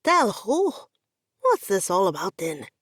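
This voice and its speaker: A woman voicing a starstruck office IT guy in an audiobook, sputtering in a high, breathless voice. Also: wildly swooping pitch, slow, fairly bright tone, dry recording, clean studio sound, exaggerated voice. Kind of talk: audiobook character voice.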